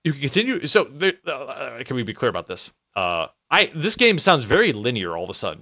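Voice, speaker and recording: Excitable male game streamer. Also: medium pitch, brisk, few pauses, lo-fi sound. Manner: excitable, swearing, rambling reactions. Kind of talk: casual live gameplay commentary.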